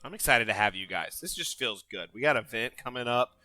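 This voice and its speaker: A man hosting a casual gaming live stream, energetic and hyping up his chat. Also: medium pitch, fast, dry recording, soft background music. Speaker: stream host.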